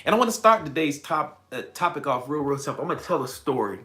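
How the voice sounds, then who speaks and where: A man hosting a livestream, telling a story to his chat in a casual, animated way and repeating phrases as he builds it. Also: fairly high pitch, fast talker. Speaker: livestream host.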